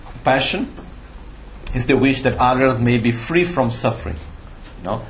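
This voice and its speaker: A man's voice: medium pitch, normal speed, a little hiss or hum. A man giving a Buddhist teaching to a live audience, explaining patiently and checking in with questions, with slightly non-native phrasing. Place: retreat teaching hall. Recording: roomy hall, faint ambience.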